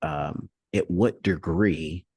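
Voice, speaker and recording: Deep-voiced emphatic man, dry sound. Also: slow pace, warm tone, breathy edge, dry recording. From Texas. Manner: emphatic, repeats key phrases. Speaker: guest speaker. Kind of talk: casual interview.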